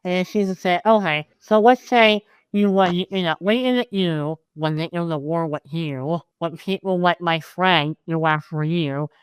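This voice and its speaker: A player in a tabletop game, chatting quickly and speaking in character at times. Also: mid-range voice, clear, resonant tone, no room sound, poor audio. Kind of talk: casual tabletop game play.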